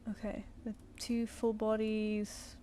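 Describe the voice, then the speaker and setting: A woman's voice: mid-range voice, completely flat delivery, takes it slowly, warm tone, a little hiss or hum. Chatty woman streaming her art. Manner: chatty, mutters and counts under her breath. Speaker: artist streamer. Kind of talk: casual live-stream chat while drawing.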